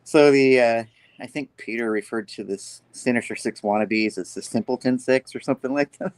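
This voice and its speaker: A man's voice: mid-range voice, normal speed, no echo. A man recapping a comic book issue in casual chat, rambling with lots of "like" and "you know.".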